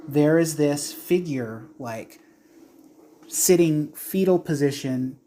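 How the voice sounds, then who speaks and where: A man narrating a tabletop horror game as game master, describing scenes in an unhurried way with frequent fillers. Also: on the high side, darkish tone, a little hiss or hum.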